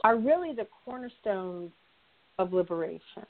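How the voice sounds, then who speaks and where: A woman's voice: medium pitch, animated, moderate pace, crowd noise. A woman facilitator talking through a conversational discussion, stressing her points by repeating key phrases. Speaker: guest, nonprofit consultant and facilitator. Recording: tinny phone-like line.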